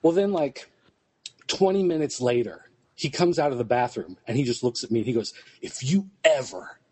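A man's voice: medium pitch, expressive, a little fast, a little mellow, husky. A man on a casual podcast, telling a long rambling anecdote full of fillers. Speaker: podcast co-host. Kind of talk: casual storytelling chat.

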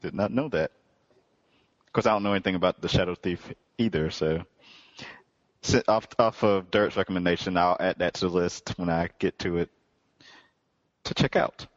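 A man's voice: low-pitched, normal speed, long pauses, no echo, muffled recording. A man hosting a podcast, casually moving the comic review list along in a matter-of-fact way. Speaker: podcast host.

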